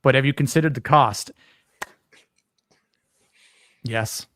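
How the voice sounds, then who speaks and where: A man's voice: mid-range voice, fairly quick, a bit bright, dry recording. A man from Florida co-hosting a livestream podcast, chatting casually and greeting viewers by name. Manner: laid-back, greets chat viewers by name. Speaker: podcast co-host.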